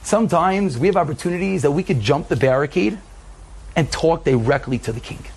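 A man telling a dramatic story as a sermon, in an animated storytelling manner. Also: a little high, brisk, breathy edge, poor audio.

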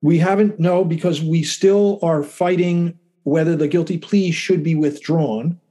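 A calm, even-keeled middle-aged man, a lawyer and writer, speaking as an interview guest with halting restarts. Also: a little high. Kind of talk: casual interview talk.

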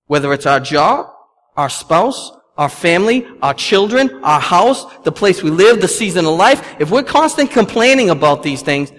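A young adult male pastor preaching a sermon in a conversational, emphatic way, with asides to the congregation. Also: sits high. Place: church sanctuary. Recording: long reverb from a church hall.

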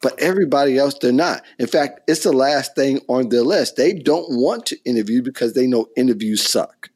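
A man speaking as a guest career expert in a casual panel discussion, halting with restarts and easy laughs. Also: medium pitch, expressive, a little mellow, slightly rough.

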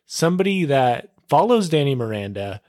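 Excitable young man, dry close sound. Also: mid-range voice, moderate pace, no room sound. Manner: excitable, upbeat, full of filler words and "dude". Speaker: podcast host. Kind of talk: casual solo podcast monologue.

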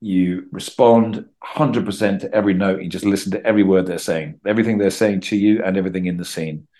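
A middle-aged Englishman talking casually as a podcast guest, telling animated stories and acting out quotes. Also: low-pitched, quick pace. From England. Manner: chatty, animated storytelling with acted-out quotes. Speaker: guest actor.

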